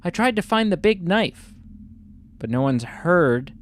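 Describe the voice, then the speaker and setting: A man playing a rough-spoken English letter writer reads slowly, his pitch swinging up and down and tripping over the words. The accent is put on over a plain speaking voice, with faint background noise. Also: big pitch swings. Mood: gruff. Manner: halting read-aloud, stumbling over words.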